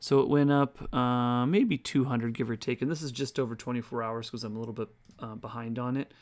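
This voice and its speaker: Tired guy rambling thru his screen, reading numbers out loud, mid-pitch voice. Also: fairly even intonation, fairly quick. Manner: rambling, thinks aloud, reads numbers off screen. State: tired, yawning. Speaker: crypto video host. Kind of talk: casual screen-share walkthrough.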